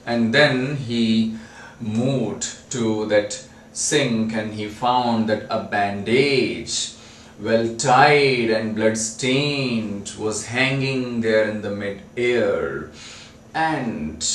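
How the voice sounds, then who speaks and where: A man lecturing on a novel chapter, retelling the plot in a halting way with many restarts. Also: on the low side, slight background noise. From India. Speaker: literature lecturer. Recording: roomy, distant mic, faint ambience.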